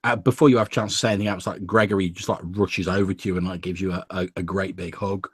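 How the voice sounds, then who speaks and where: A man running a tabletop game narrates in a loose, casual way, peppered with fillers. His voice is on the low side, recorded dry and close. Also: steady tone, fast talker, breathy edge, no echo. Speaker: game master.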